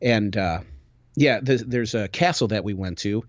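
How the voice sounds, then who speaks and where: A man hosting a podcast, telling a travel story in casual chat, animated and full of restarts. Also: lowish voice, moderate pace, no echo. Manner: animated, rambling with many restarts. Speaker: podcast host. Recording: dull, dry lo-fi recording.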